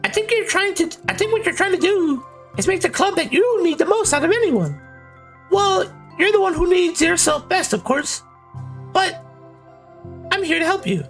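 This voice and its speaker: A woman voicing a kind, cheerful teenage girl who speaks gently and encouragingly. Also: very high-pitched, very animated, moderate pace, soft background music, exaggerated voice. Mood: sweet. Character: cheerful, kind teen girl club member.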